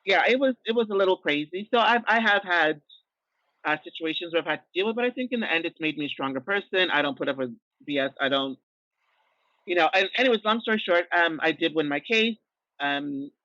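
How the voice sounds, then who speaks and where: A trans woman and drag performer, a podcast guest, frankly retelling her experiences in a lively way with plenty of fillers. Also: low-pitched, brisk, dry recording, lo-fi sound. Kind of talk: candid storytelling conversation.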